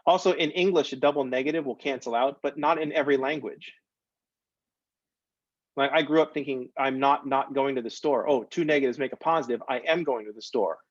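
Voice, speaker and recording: A male math instructor teaches a recorded lecture in a casual, digressive way, joking as he goes. His voice sits in a middle pitch. The recording is dry and a little dull, with no room sound. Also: brisk, dry recording. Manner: conversational, digressive, jokey.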